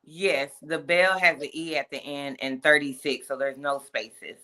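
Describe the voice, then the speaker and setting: Low bright-voiced woman in her thirties. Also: fairly even intonation, normal speed. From Atlanta area, United States. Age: 30s. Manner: polite and composed, with brief laughs. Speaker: guest on a dating show. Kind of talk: casual interview answers.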